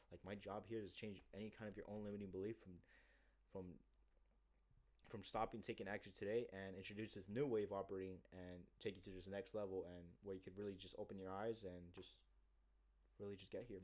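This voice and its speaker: A man in a casual vlog monologue, rambling cockily and with profanity as he acts out a sales pitch. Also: a little mellow. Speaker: sales job seeker.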